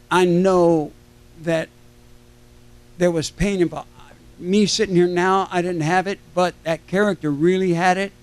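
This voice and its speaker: High-voiced older man telling rambling stories. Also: clean tone. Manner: self-interrupting, jokey, acts out quoted voices. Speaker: celebrity panel guest. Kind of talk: rambling anecdotal storytelling. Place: convention panel stage.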